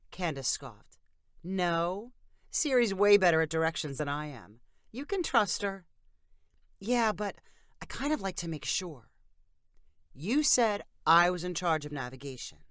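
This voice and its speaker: Brief: female storyteller, lowish voice with lively pitch, dry close recording. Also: no room sound. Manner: reads all characters in a lightly varied voice. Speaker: narrator. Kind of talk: scripted story narration.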